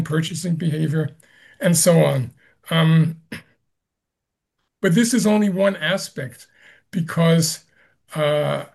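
A man being interviewed as a Zen master guest, speaking haltingly with many pauses and frequent throat clearing. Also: fairly high pitch, a little mellow. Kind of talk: interview answers.

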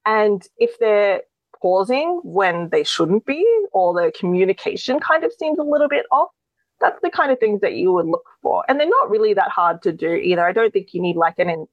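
A woman's voice: mid-range voice, lively intonation, moderate pace, dry recording, highs cut off. A woman, a guest expert earnestly explaining in a conversational interview, often restarting her sentences.

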